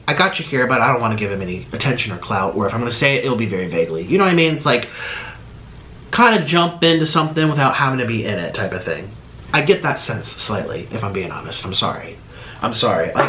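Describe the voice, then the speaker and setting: A man's voice: mid-range voice, fairly bright tone. A man reacting to a video in casual commentary, rambling and restarting his sentences with sarcastic asides. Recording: echoey room with faint noise.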